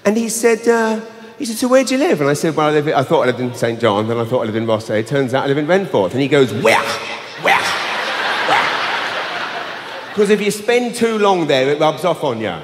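Male stand-up comic, high voice, arena reverb, shouty storyteller. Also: fast, a little hiss or hum. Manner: animated storytelling, bursts of shouting. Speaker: stand-up comedian. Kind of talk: live stand-up comedy. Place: large arena stage. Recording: live arena with long reverb.

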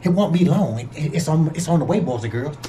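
An older man from Georgia hosts a casual cooking vlog, chatting in a playful, folksy way and calling his viewers closer. His voice sits fairly high for a man. A faint hum of noise runs under the recording. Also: expressive, fast, dark tone. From Georgia, USA. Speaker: home cook and channel host.

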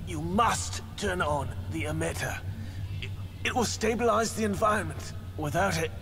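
A frightened, stammering survivor in a video game, slightly high in pitch. He presses his point in urgent bursts. Game music sits clearly behind him. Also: expressive. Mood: nervous. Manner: stammering, hurried pleading.

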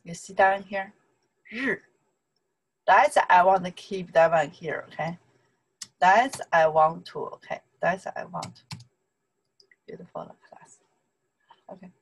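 Over poor audio, a woman with a Chinese accent and a mid-range voice teaches an online lesson. She drills syllables slowly and keeps checking in with "okay?" over and over.

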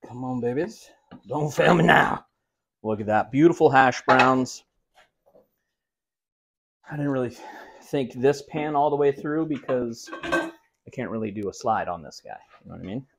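A man chatting through a cooking vlog in a home kitchen, his voice sitting at an ordinary middle pitch. He talks to the viewer casually and drops wry, self-mocking jokes between steps. A faint hiss of noise runs under him. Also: moderate pace, pauses often. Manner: joking, self-mocking asides while cooking. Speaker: cooking show host.

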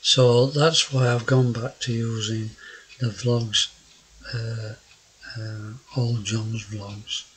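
Slow husky old South Yorkshire man. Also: medium pitch, little pitch movement, low-quality recording. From South Yorkshire, England. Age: older. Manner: hesitant, many fillers and restarts; gruff-sounding. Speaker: naturalist vlogger. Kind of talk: casual rambling narration over photos.

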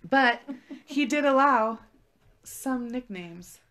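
A woman's voice: a little high, lively intonation, slow, fairly bright tone. Casual, profane young woman storyteller. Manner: profane, laid-back storytelling with lots of "like". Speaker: podcast co-host. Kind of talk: casual chat.

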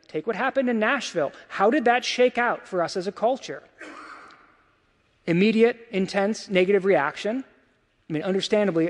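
Guy pastor preaching, pretty high voice, chatty, keeps asking right?, long echo off the hall. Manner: conversational preaching, rhetorical questions, frequent "right?" and "of course". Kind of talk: sermon. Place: church sanctuary.

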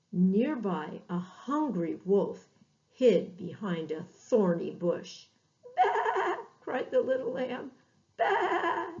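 A woman reading a children's Bible story for Sunday school, expressive and drawn out, with bleated lamb sounds. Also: medium pitch. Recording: dull lo-fi recording.

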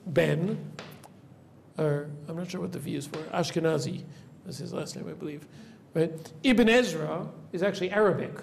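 A rabbi teaches a classroom step by step, his voice sitting on the high side with some vocal fry at a normal speed. He keeps quizzing his students and tags nearly every point with "right?" There's slight background noise behind this classroom lecture.

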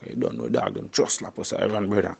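A man's voice: on the low side, a little fast, vocal fry, darkish tone, a little hiss or hum. A young Jamaican man speaking in patois in a casual interview, tagging his phrases with "you see me" and "you know".

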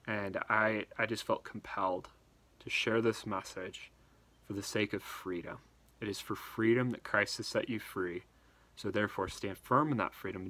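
A man preaching a devotional sermon, earnest and urging, slowing down and dropping almost to a whisper on key words. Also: lowish voice, sharp tone. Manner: earnest, urging, slows for emphasis.

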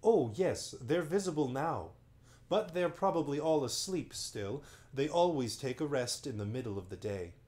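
A man's voice: medium pitch, lively intonation, moderate pace, a little mellow, voice pushed up, close to an everyday voice. A man doing a sleepy old magician. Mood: genial. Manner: genial, chatty, drowsy. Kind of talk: bedtime story reading.

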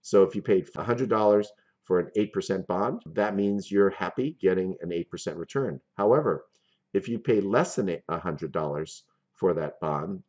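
A man's voice: sits low, a little mellow, lo-fi sound. A man lecturing on finance in a methodical, step-by-step way, working through examples. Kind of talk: recorded lecture.

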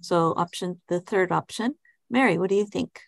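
A woman's voice: on the low side, normal speed, gravelly, no echo, clean studio sound. A woman teaching an online English class, calling on students by name and checking their answers in an upbeat way.

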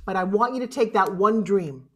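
A woman's voice: mid-range voice, animated, moderate pace, background noise. A woman giving a motivational keynote, speaking with emphasis and rousing the audience. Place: online summit.

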